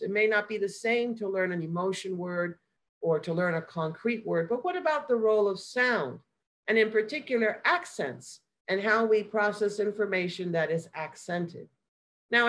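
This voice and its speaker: Woman, academic lecture, measured and explanatory, mid-pitched voice. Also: fairly bright tone, low-quality recording. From United States. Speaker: guest lecturer.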